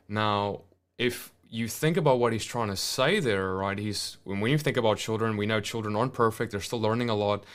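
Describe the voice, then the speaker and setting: A man's voice: on the low side, fairly even intonation, moderate pace, smooth. A man hosting a podcast interview, reading viewer questions and reflecting aloud, building his points with rhetorical questions. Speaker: podcast host.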